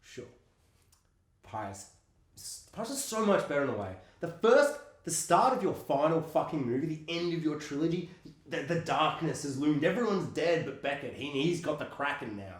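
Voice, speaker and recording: On a laid-back movie podcast, a man with a fairly high voice talks briskly as co-host. The room echoes noticeably, and he stays animated, cursing frequently and acting out film dialogue.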